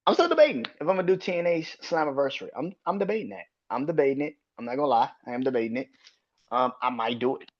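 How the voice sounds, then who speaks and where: A man hosting a solo wrestling podcast, talking in a profane, heated rant that swings from low mutters to sharp outbursts. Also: big pitch swings, fast, dull audio. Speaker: podcast host.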